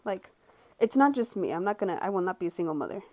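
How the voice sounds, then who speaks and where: A young woman in her twenties chatting straight into her camera at home, loose and frank. She rambles and circles back, leaning on filler words as she thinks aloud, her pitch sitting mid-range for a woman. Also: animated, fast, darkish tone. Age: 20s. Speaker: vlogger. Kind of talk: casual monologue to camera.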